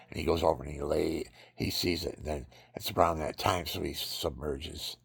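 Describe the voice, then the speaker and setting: A man with a gravelly, husky voice, giving a rambling, preachy religious monologue and acting out scenes with sudden high cries. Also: fairly even intonation, moderate pace, few pauses.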